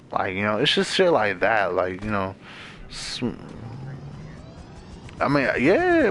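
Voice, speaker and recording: Young man from maryland, gamer on voice chat, rambling profane venting, medium pitch, headset mic, faint background noise. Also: sing-song, measured pace, fairly bright tone, poor audio. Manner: rambling, profane, heavy on "like" fillers. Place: bedroom at home.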